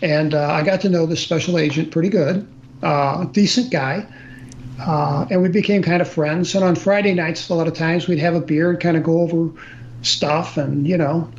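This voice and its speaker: A man's voice: on the high side, fairly even intonation, normal speed. An older man telling a personal story in conversation, plain and earnest, often restarting and using fillers. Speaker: guest storyteller. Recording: slightly dull audio with faint noise.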